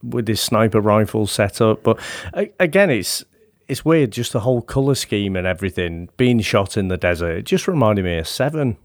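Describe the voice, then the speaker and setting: A British man with a lively, up-and-down voice, picking holes in a film's plot. The sound is dry and close, with no room around it. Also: fairly low pitch, normal speed, no room sound. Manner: questioning, chuckles at plot holes. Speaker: podcast co-host reviewing films. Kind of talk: casual chat.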